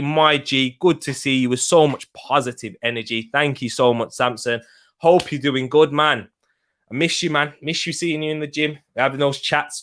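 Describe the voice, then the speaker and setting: Young guy doing a football watch-along stream, bright slightly high voice, chatty, laughing a lot, reading out chat comments. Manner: chatty, reads viewer comments, laughs often.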